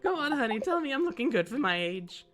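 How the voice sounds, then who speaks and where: Woman doing a sassy old granny, antique shop owner, folksy pet names, high voice, very lively melody, faint game music behind. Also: quick pace.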